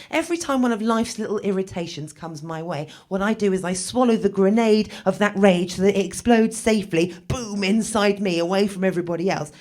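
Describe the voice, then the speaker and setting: A woman in her thirties delivers a stand-up comedy set. Her humour is dark and self-mocking, told in a wry, conversational way. Every so often she breaks into a loud, exaggerated outburst. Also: mid-range voice.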